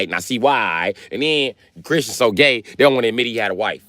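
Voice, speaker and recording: A man's voice: medium pitch, moderate pace, no room sound. Man ranting profanely on a livestream. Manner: profane, rambling, lively storytelling. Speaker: livestream host. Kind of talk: comedic livestream rant.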